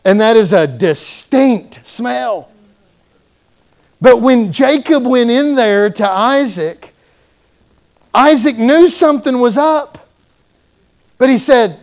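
A male preacher delivers a sermon in a church with an animated storytelling manner, acting out the people in the story. His voice sits high for a man, and he takes his time, drawing out his words slowly. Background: congregation calling out responses.

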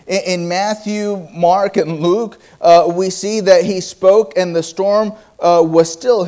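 A man preaching a sermon, telling personal stories with quoted dialogue and halting restarts. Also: high-pitched, darkish tone.

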